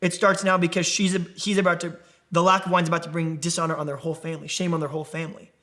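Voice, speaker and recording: A young man leads a conversational Bible study for a young adult ministry, his voice a little high and his delivery rapid-fire. He's animated and keeps putting questions to the group.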